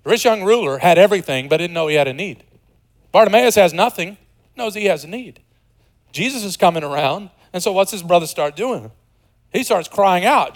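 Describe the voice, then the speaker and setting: A man in his forties preaching a sermon with a slightly high voice. He swings between loud, excited stretches and soft, hushed ones. He drops in casual, joking asides to his listeners. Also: a little fast, poor audio. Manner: conversational, jokey asides. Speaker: pastor.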